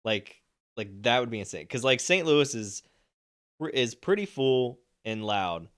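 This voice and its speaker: A man's voice: medium pitch, very animated, unhurried, fairly bright tone, clear, resonant tone. A young man co-hosting a sports podcast, talking through games in a loose, rambling way. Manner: rambling, many fillers and restarts. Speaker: podcast co-host. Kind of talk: casual sports chat.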